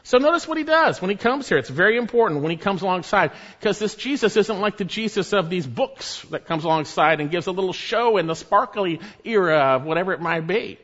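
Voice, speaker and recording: A man preaching a sermon, emphatic, rising to loud exhortations and dropping to low, quiet stresses. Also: lively intonation, a little fast, hardly any pauses, muffled recording.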